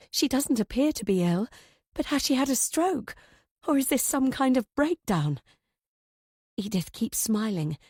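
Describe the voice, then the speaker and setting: Warm-toned woman narrating a tense thriller. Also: medium pitch, no echo, studio quality. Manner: tense, anxious storytelling. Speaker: audiobook narrator. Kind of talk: first-person thriller narration.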